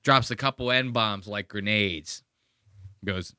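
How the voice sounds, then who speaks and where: A podcast host delivers a profane, mocking rant about a clip he is playing. His voice is bright and forceful. The sound is dry and close, with little room in it. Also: medium pitch, lively intonation, normal speed, dry recording. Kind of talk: casual commentary on a played clip.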